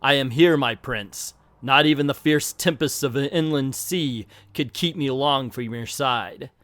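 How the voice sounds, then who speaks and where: A man voicing a sly, menacing male assassin from a comic, speaking in a low, formal, archaic way. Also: unhurried, fairly bright tone, dry recording, close to an everyday voice. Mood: silky.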